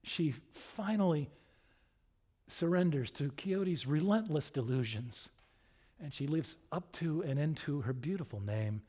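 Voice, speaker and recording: A man preaching a sermon, telling a story in an expressive, animated way. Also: a little high, measured pace.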